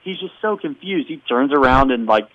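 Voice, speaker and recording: A man's voice: mid-range voice, expressive, moderate pace, fairly bright tone, slight background noise. A man hosting a podcast, retelling a story in casual chat with frequent laughs, on a dull, dry recording. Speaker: podcast host.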